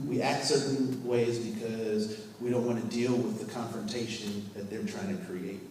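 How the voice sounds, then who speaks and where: A man's voice: medium pitch, darkish tone, a little hiss or hum. Man telling stories in an echoey hall. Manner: storytelling, asks the audience questions, acts out scenes. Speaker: workplace trainer. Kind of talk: live training talk to a group. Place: training room with a live audience. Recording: echoey hall, mic far off.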